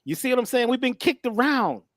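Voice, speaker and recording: A male guest giving an inspirational talk, with halting starts and preacherly wordplay. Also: extremely high pitch, expressive, fairly bright tone, dry recording, studio quality. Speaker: guest speaker.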